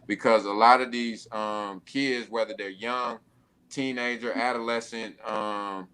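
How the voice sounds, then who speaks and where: A young adult man speaking in a relaxed way during a casual panel talk, often adding "you know what I mean". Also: on the low side, a little slow, clean tone. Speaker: panel guest.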